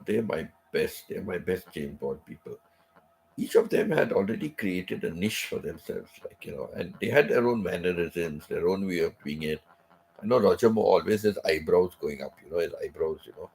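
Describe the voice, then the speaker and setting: Middle-aged guy on a live stream, low gravelly voice, rambles on with lots of you-knows, a bit under the weather. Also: darkish tone, a little hiss or hum. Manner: rambling, repeats phrases, many "you know" asides. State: unwell, recovering from sickness. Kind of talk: casual chat.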